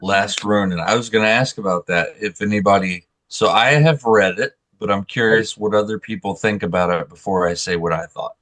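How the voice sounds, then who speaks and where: Male co-host, low voice, frank and opinionated. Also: brisk, hardly any pauses, fairly bright tone. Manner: blunt, opinionated. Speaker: podcast co-host. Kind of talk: casual chat.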